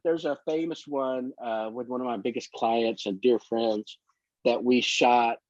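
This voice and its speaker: This photographer guest talks in an unhurried, steady way, his medium-pitched voice darkish in tone, as he wanders through long anecdotes about his work in a casual interview. The lo-fi recording sounds dull and dry, with no echo.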